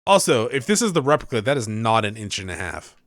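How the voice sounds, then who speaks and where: Chatty man with a lively voice. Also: lowish voice, fast. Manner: chatty, rambling asides with laughs and self-corrections. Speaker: let's play host. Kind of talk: casual gameplay commentary.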